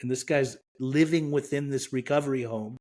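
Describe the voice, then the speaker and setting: A man's voice: mid-range voice, moderate pace, a little mellow. Man frankly telling his recovery story. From Iran. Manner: frank, reflective, self-mocking. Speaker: podcast guest. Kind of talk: candid recovery story in podcast interview.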